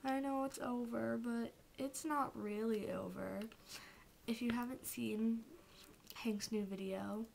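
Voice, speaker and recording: Gushing young woman with a creaky voice. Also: fairly high pitch, steady tone, takes it slowly, a little hiss or hum. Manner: gushing and emotional, drifting into soft whispers. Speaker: vlogger. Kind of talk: casual fan rant to camera.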